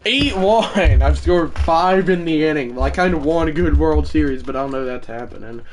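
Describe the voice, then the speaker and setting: A man calling his own baseball video game like a broadcaster, shouting on big hits and rambling in self-mocking asides between plays. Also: fairly high pitch, normal speed, a little hiss or hum. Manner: mock broadcaster calls that burst into shouting. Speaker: gaming streamer. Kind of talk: casual play-by-play of a video game.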